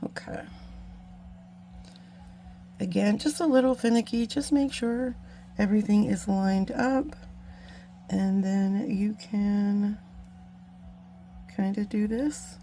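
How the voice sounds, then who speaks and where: A woman's voice: mid-range voice, unhurried, vocal fry, long pauses, a little mellow. A woman hosting a beading tutorial, chatting casually and mocking herself while she works, with muttered asides to the viewers. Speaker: beading channel host. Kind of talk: casual craft tutorial chat.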